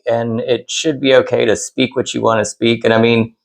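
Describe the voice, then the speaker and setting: A man's voice: medium pitch, level tone, normal speed, creaky, low-quality recording. A man co-hosting a podcast in casual chat, earnest and heartfelt, speaking in long reflective runs. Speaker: podcast co-host.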